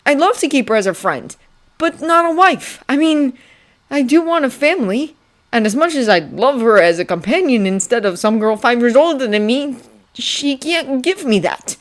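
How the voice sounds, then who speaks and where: A woman voicing an earnest young male prince with a high, pleading way of talking. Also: animated, normal speed.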